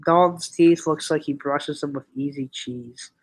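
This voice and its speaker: A man's voice: a little high, fairly even intonation, unhurried, low-quality recording. A young man with a clogged nose, chatting casually on a stream and joking in a rambling way. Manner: rambling, joking, laughs at own stories. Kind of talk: casual chat.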